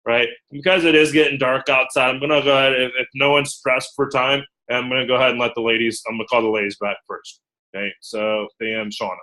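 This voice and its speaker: Give me an animated man coaching a small group. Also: medium pitch, rough recording. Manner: animated, acts out quotes, checks in with "okay?" often. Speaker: recruiter training a team. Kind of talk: group training talk.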